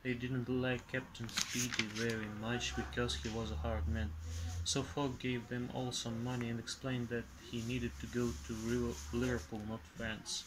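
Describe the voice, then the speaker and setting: A man's voice: mid-range voice, flat delivery, moderate pace. A man reading a story aloud steadily, with occasional slips. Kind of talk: reading a graded reader aloud. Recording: noticeable background noise.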